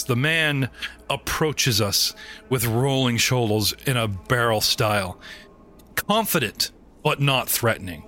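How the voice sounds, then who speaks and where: A man narrating a tabletop game as game master, animated and joking, often breaking into laughs. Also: medium pitch.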